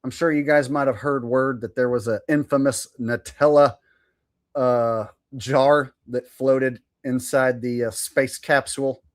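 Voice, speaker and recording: A man's voice: mid-range voice, fairly even intonation, unhurried. A man hosting a live stream, who chats loosely in a joking, profane way. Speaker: streamer host. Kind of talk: casual live-stream commentary.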